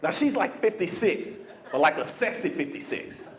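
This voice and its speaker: High, animated stand-up comedian, man. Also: normal speed. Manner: animated, teasing the crowd. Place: comedy club stage.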